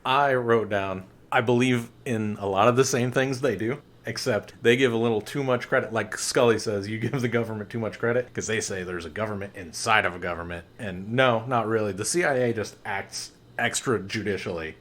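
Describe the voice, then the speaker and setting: A man in his forties co-hosting a podcast in casual chat, animated, laughing a lot and going off on ranting asides. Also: fairly low pitch, a little fast, hardly any pauses. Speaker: podcast co-host.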